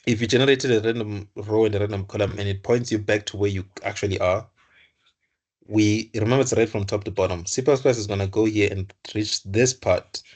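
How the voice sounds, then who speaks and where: Lowish man thinking aloud while teaching. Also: steady tone, a little fast, a little mellow. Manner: thinks aloud, self-correcting, repeats words. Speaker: computer science tutor. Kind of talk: live coding lesson.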